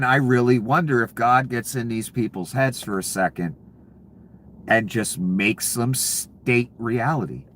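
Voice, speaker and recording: A man's voice: mid-range voice, slight background noise. Sarcastic, profane male commentator. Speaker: political commentator. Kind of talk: reaction commentary on news clips.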